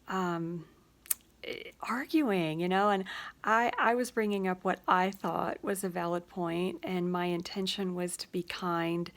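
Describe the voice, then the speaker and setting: A woman hosting her own show, gently thinking out loud in a casual, reflective way with many pauses and fillers, sometimes dropping to a soft whisper. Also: fairly low pitch, creaky. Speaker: host of a personal reflection show.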